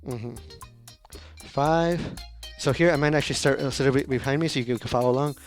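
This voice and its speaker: A man's voice: mid-range voice, fairly quick, faint music behind. Man counting out dance steps. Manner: counts beats aloud, explains casually with many fillers. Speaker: dance instructor. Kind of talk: live-streamed dance lesson, counting steps.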